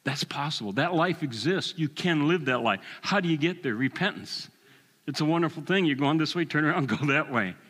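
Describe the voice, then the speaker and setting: A man in his sixties preaching a sermon, telling a personal story with animated delivery and chuckles. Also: fairly high pitch, fairly quick, in a large hall.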